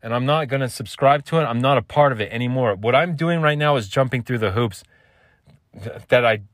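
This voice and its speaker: Hosting a solo podcast, a man with a medium-pitched voice talks a little fast as he rants in frustration, swearing often and repeating himself. He keeps calling the listener "man" and "dude," and the studio-quality recording has no room sound.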